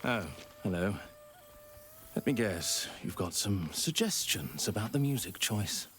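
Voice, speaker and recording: A man's voice: on the low side, animated, measured pace, fairly bright tone, a little hiss or hum. An actor voicing a glum, weary male bard in a video game, downbeat and dry.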